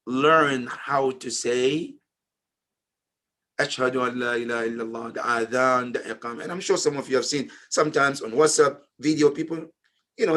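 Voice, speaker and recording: A man preaching at a slow, deliberate pace, his voice bright and slightly high. He tells a story in sermon style, rising to loud, emphatic phrases and then sinking to hushed, low ones. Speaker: speaker at a memorial majlis. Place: community center.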